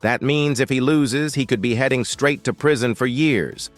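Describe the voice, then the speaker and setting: A man's voice: mid-range voice, moderate pace, soft background music. A man narrating a courtroom video as voice-over, with punchy, hyped commentary. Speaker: channel narrator.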